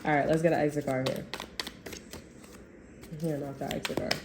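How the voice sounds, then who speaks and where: A woman with a deep voice and flat delivery, speaking at normal speed, gives a casual tarot reading. She rambles and swears, using slangy talk broken by bursts of laughter. The room is echoey, with heavy background noise.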